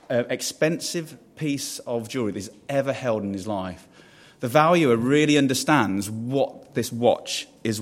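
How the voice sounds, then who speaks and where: A pastor delivers a sermon in a relaxed, conversational manner. His voice sits at an ordinary middle pitch, and he often stops to ask the congregation questions, circling back to restart his phrases.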